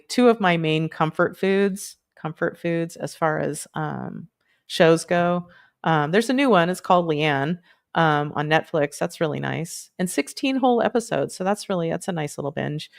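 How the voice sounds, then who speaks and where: Woman livestream host, slow and lowish, rambling and playful with plenty of ums. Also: creaky, clean tone. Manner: rambling, chatty, many fillers, playful asides. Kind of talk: casual livestream chat.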